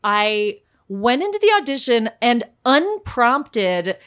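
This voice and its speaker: A woman with a notably high voice, telling stories as a guest on a casual podcast. She talks in a chatty, animated way, building each anecdote as she goes. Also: slow pace. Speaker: actress guest.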